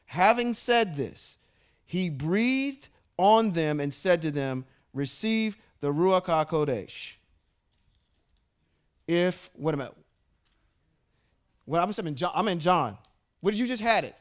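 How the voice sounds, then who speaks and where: A man's voice: sits high, animated, slow, long pauses, clean tone. A man leading a bible study, reading verses aloud and stopping often to explain and check with his listeners. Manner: reads scripture aloud, stops to explain and ask the group. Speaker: scripture teacher.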